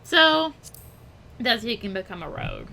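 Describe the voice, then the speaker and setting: A woman's voice: a little high, huge pitch swings, unhurried, vocal fry, bright, forceful tone, a little hiss or hum, full character voice. A woman voicing a sly, streetwise rogue recruiter who talks in cocky, teasing slang.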